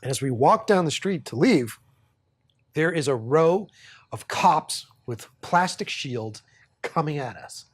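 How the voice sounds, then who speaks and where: A man's voice: on the high side, lively intonation, unhurried, breathy edge. A man from Boston in his thirties, hosting a podcast and telling a rambling story in casual chat, swearing freely and laughing as he talks. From Boston, USA. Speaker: podcast host.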